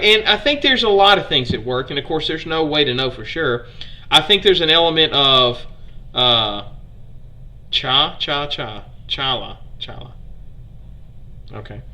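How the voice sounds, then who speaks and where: A man's voice: fairly high pitch, pushed and bright. A man from Alabama with a Southern accent, hosting a casual live history stream, chatting with viewers, putting questions to them and stumbling over foreign names.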